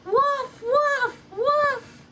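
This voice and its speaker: A woman voicing a mischievous young shepherd boy who shouts in a shrill, high voice. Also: big pitch swings, a little slow, heavily acted. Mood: panicked. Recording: distant mic, faint background noise.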